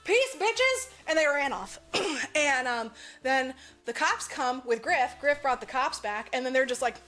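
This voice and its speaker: Brief: a woman, fairly high voice, casual podcast co-host, loose and rambling, swears freely, faint music behind. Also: unhurried, pushed and bright. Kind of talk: casual movie recap.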